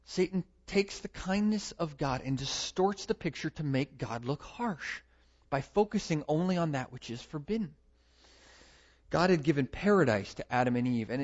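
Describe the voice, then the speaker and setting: A man preaching a sermon, emphatic, building to loud stresses and repeating his words. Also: fairly high pitch, animated, a little slow. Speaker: pastor. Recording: dull lo-fi recording.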